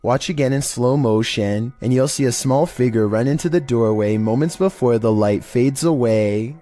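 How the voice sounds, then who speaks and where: A man hosting and narrating a scripted countdown in a steady monotone delivery. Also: mid-range voice, moderate pace. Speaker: host and narrator.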